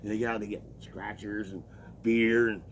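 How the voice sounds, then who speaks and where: A man's voice: on the low side, level tone, moderate pace, a little hiss or hum, poor audio. A man venting a long story in casual, profane, rambling talk, acting out what was said back and forth. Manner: profane, rambling, acts out quoted exchanges. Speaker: laborer telling his story.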